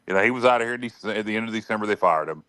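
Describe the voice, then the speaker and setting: Low, crisp voice of a frank man. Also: racing, fairly bright tone, no echo. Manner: frank, hedges a lot, restarts sentences. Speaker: podcast co-host and analyst. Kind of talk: casual sports talk.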